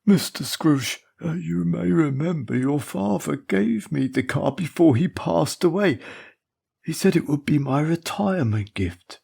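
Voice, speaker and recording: A man's voice: fairly high pitch, expressive, measured pace, gravelly, mellow, breathy edge, voice pushed up, exaggerated voice. A man voicing a nervous, timid old male chauffeur who stammers and hesitates.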